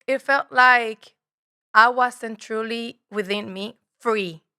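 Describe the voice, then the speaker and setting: A woman speaks in a bright, lively tone, sitting a little higher than most women. She talks earnestly and reflectively as a podcast guest, circling back over her own phrases. The sound is close and dry. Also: slow pace, clear, resonant tone, no echo. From Mexico. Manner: reflective, earnest, repeats phrases, swears casually. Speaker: podcast guest, spiritual guide. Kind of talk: casual conversation.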